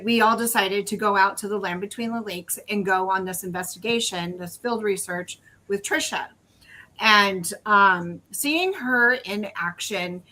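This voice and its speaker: A woman's voice: medium pitch, pushed and bright. A woman podcast host chatting casually, recounting a trip in a loose, chatty way. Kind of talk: casual chat.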